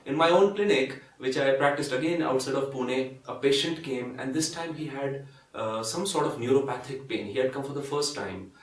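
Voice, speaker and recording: A man with an Indian English accent giving a spiritual talk, telling stories gently and acting out the voices of the people in them. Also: mid-range voice, moderate pace, distant mic. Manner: gentle, anecdotal, acts out quoted voices. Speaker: spiritual speaker and doctor. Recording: echoey room, voice from off-mic.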